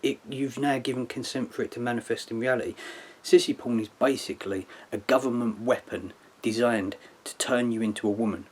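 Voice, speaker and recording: A man talks straight to the listener in a loose, rambling monologue, his pitch sitting in an ordinary middle range. He circles back on himself, tacking "yeah" and "like" onto his points, and keeps an earnest, lecturing tone throughout. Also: steady tone, fairly quick, darkish tone, breathy edge. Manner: rambling, with frequent "yeah" and "like" tags. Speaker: video commentator. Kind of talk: casual explanatory monologue.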